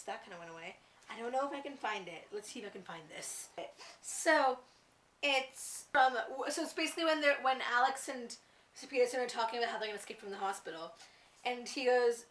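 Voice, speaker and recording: A teenage girl chatting excitedly about a book to camera, gushing, with lots of "like"s and restarts. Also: on the high side. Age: teens. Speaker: book vlogger. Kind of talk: casual book review to camera. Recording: echoey room, somewhat far from mic.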